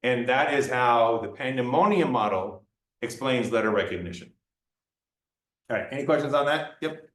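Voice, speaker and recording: A man's voice: medium pitch, animated, moderate pace. A man giving a classroom lecture in a playful way, acting out examples for students. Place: lecture room. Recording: roomy lecture room, mic far off.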